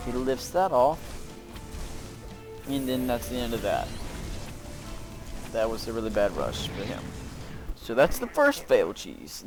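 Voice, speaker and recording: Brief: male gameplay commentator, loose and rambling, everyday mid-pitch voice, faint music underneath. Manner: rambling, filler-heavy, self-narrating. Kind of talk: casual game commentary. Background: faint background music.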